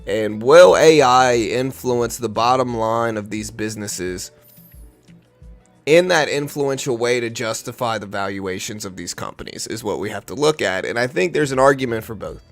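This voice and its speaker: A man's voice: mid-range voice, normal speed, faint music behind. A man hosting a live day-trading stream, talking casually and rambling with restarts, still getting over an illness. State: recovering from illness, a bit slow.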